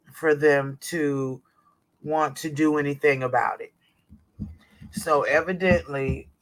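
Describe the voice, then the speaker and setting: A man vlogger telling his personal story in a chatty, unhurried way, with plenty of fillers along the way. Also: on the high side, a bit bright.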